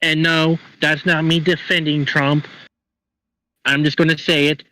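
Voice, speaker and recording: A man's voice: a little high, level tone, pushed and bright, no echo, poor audio. A man co-hosting a livestream, delivering an angry, profane political rant. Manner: angry, profane, rapid ranting. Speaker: co-host.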